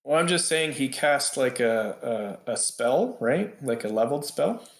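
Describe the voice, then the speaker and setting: A man's voice: mid-range voice, lively intonation, a little slow, roomy sound. A man running a tabletop game as game master, checking rules and asking his players questions.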